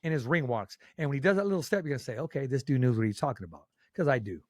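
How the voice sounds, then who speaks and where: A man's voice: mid-range voice, expressive, racing, dry recording. Enthusiastic guy hosting a podcast, rambly and emphatic, dry close sound. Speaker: podcast host. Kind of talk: casual interview chat.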